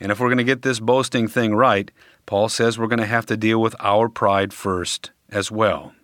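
A man preaching a sermon, speaking deliberately and emphatically with dramatic pauses. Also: on the low side, fairly even intonation, a bit bright, dry recording, studio quality.

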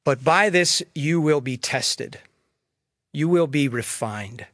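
A man's voice: fairly high pitch, lively intonation, takes it slowly, a bit bright, dry recording, studio quality. A man voicing a stern, disguised governor who speaks harshly and accusingly.

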